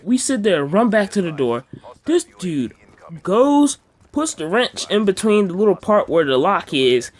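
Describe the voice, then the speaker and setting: A man casually telling a personal story to his viewers, full of slang and jumping high in pitch when he gets excited. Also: measured pace. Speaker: storytime vlogger.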